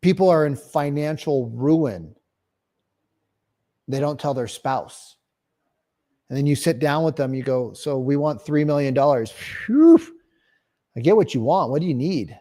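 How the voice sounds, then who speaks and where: Hyped-up guy coaching realtors, kinda high voice, acts out the calls, swears a bunch. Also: moderate pace, long pauses. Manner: animated, acts out calls and clients, swears casually. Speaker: real estate coach. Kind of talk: energetic sales training talk.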